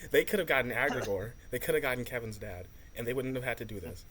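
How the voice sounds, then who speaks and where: A reaction-video host who rants with animation and breaks into frequent laughter. The pitch swings widely while the voice stays at a middling register. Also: animated, fast talker, fairly bright tone. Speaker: host reacting to a cartoon episode.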